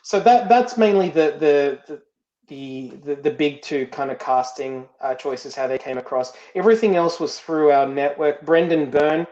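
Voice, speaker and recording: A man's voice: fairly high pitch, moderate pace, a little mellow. A man, a film director and guest, telling stories in a casual interview, often repeating words as he searches for them. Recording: roomy, dull lo-fi sound.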